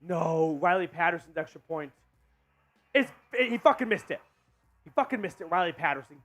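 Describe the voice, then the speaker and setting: A man hosting a live stream and calling a football game as a fan, getting excited and shouting on big plays. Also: a little high, moderate pace, dry recording, faint music behind. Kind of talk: fan play-by-play commentary.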